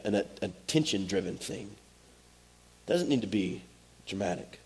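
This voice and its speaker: A man's voice: on the low side, a little mellow, husky. A man, preaching a sermon as pastor in a direct, conversational way. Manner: direct, conversational, Southern-tinged "y'all" asides.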